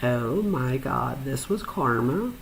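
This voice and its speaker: A woman telling a personal story in a chatty, animated way, with frequent fillers and sudden high-pitched asides. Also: slow pace, vocal fry, a little hiss or hum, poor audio. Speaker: podcast host, psychologist.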